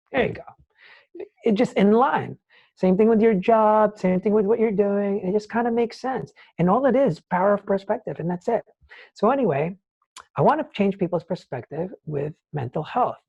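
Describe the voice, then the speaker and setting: A man, a nonprofit founder, talking as an interview guest and acting out scenes in a lively, casual storytelling way. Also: high voice, moderate pace, creaky, husky, lo-fi sound. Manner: animated, acts out scenes, many "like"s.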